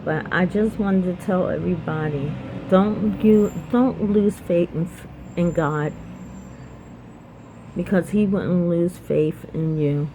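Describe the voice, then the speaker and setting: A woman's voice: on the low side, slow, muffled recording, background noise. A middle-aged woman sharing a personal testimony, earnest and repeating phrases for emphasis. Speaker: vlogger sharing her life story.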